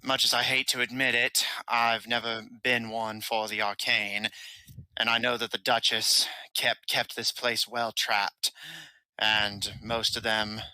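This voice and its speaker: A man's voice: medium pitch, flat delivery, measured pace, bright, forceful tone, smooth, no echo, low-quality recording. A man voicing a proud, scornful female captive who speaks in a cold, dignified and threatening way. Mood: grudging.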